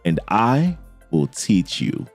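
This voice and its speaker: A man reading out the lines of a patient, ancient female goddess mentor from a comic, in a calm, measured way. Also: fairly low pitch, faint music behind, pitched below the performer's own voice, full character voice.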